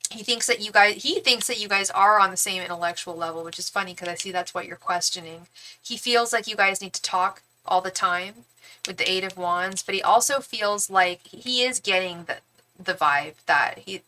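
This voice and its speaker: A woman's voice: on the low side, sharp tone, poor audio. A young woman reading tarot cards on a live stream, chatting and gushing casually to her viewers. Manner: chatty and gushing, lots of "like" and "girl". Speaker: tarot reader and psychic.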